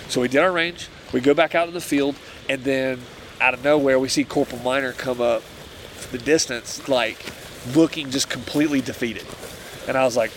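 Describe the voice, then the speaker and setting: A man's voice: medium pitch, fairly even intonation, a little fast, a little hiss or hum, low-quality recording. A young man casually telling a military story outdoors at a campfire, laid-back and swearing a lot, with "like" and "bro" all through. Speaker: former Marine telling a story.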